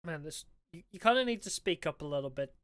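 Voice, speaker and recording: A woman's voice: low-pitched, expressive, quick pace, no echo. Sarcastic woman streamer commenting on a game. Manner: sarcastic, joking asides. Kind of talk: let's-play commentary.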